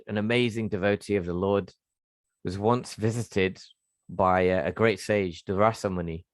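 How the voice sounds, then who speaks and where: A man leading a scripture reading class, retelling a sacred story in a halting way with many fillers and restarts. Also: on the low side, no echo.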